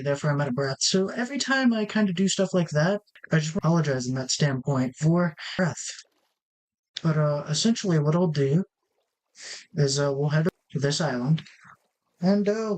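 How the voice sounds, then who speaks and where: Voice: medium pitch, darkish tone, low-quality recording. A let's-play host giving casual gameplay commentary, rambling and thinking aloud with many restarts while talking straight to the viewers.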